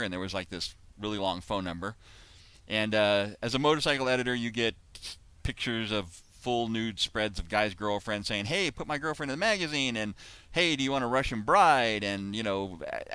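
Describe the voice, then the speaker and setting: A man's voice: fairly low pitch, sharp tone, clear, resonant tone, no echo. An American man, an author, telling a story in casual chat over a video call, rambling with many asides. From United States. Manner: rambling, full of restarts and asides. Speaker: author and host.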